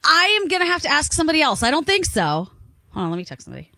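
A woman co-hosting a morning radio show, reacting quickly and laughing along. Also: sits high, very animated, gravelly, a crowd in the background. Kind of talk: casual radio banter.

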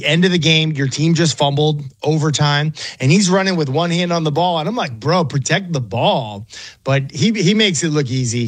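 A middle-aged man, a former pro quarterback, chatting and telling stories as a podcast guest, self-deprecating and lively. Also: on the high side, no room sound. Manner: chatty, self-deprecating, quotes people in put-on voices. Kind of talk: casual storytelling interview.

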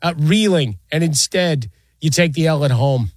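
A man's voice: on the high side, expressive, normal speed, no echo, clean studio sound. A man co-hosting a sports radio show, chiming in with short quips and reactions. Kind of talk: casual sports talk radio banter. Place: radio studio.

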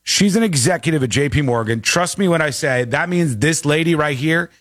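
A man's voice: on the high side, expressive, brisk, a bit bright, no echo, studio quality. A man hosting a casual commentary show, talking in an incredulous, joking way. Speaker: show host.

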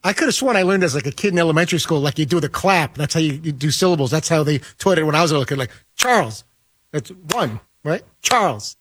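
A man on a sports radio crew, chatting casually in quick, rambling questions. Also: a little high, no room sound. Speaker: show regular. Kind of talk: casual studio banter.

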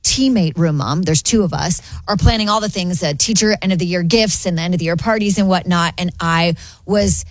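Animated woman telling a story. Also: lowish voice, fairly quick, no echo. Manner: animated storyteller, acts out quoted voices, laughs often. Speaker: radio show co-host. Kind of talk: casual chat, storytelling.

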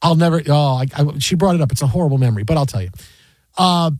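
A man's voice: a little high, fast, no echo. A man hosting casual sports talk radio, telling stories animatedly and acting out quotes. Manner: animated storyteller, acts out quotes loudly.

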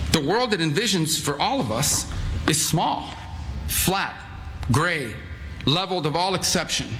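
A man delivering a formal rhetorical speech, solemn and deliberate. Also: a little high, fairly bright tone, a little hiss or hum, rough recording. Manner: solemn, deliberate, building lists. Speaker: speaker in a played clip.

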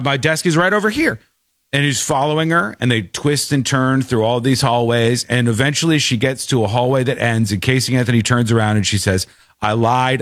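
A man's voice: medium pitch, dry recording, clean studio sound. A man hosting a casual talk show, telling stories animatedly and acting out the people he quotes. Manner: animated storyteller, acts out quotes. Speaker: podcast host. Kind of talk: casual chat.

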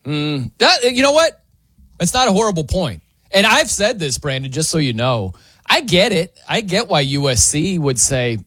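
Husky, lively male sports radio host. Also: on the high side, normal speed, no room sound. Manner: energetic, teasing, laughs often. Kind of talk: casual talk radio banter.

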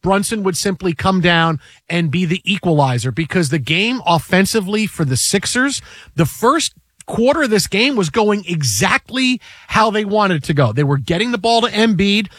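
A man's voice: sits high, lively intonation, moderate pace, fairly bright tone, dry recording, studio quality. A man hosting a casual sports talk show, rambling and repeating himself as he talks games.

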